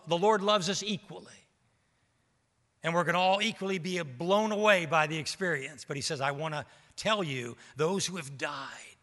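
A man's voice: on the high side, sharp tone. A man preaching a sermon as pastor, with rising emphasis and rhetorical questions to the congregation. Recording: reverberant hall.

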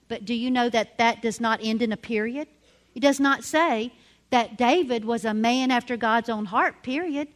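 A middle-aged woman teaching a women's ministry sermon, emphatic, slowly spelling out key words letter by letter. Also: fairly high pitch, fairly bright tone.

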